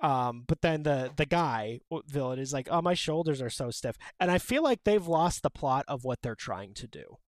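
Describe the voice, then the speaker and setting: A man co-hosting a podcast, chatting in an animated, opinionated way about comic scenes and full of "like". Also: medium pitch, moderate pace, few pauses, no echo. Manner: animated, opinionated, many "like" fillers. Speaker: podcast co-host. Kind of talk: casual chat about a manga.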